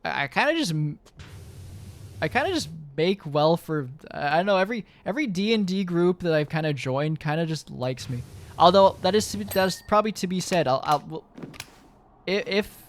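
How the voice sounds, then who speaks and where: A man's voice: high-pitched, lively intonation, normal speed, a little hiss or hum. A young man streaming, chatting casually to his viewers in a rambling way, full of fillers and swearing.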